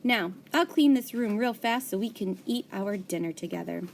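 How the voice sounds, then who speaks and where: A woman's voice: medium pitch, expressive, moderate pace, gravelly, a little hiss or hum. A woman voicing a cheerful man, a school janitor, in a children's storybook, talking in a hearty, boisterous way. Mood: jolly. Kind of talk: storybook character reading.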